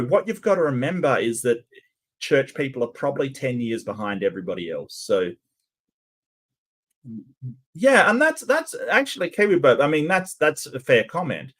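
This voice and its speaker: A man giving casual, sarcastic commentary over a video he is watching. He rambles and restarts often, and his pitch rises and falls in a lively way. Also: moderate pace. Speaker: reaction video host.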